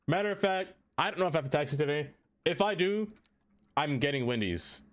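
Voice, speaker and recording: A man's voice: on the high side, a little fast. Young man, live streamer, casual chat with viewers, jokey, laughs a lot, voice swings up and down. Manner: animated, joking, laughs often, reacts to chat.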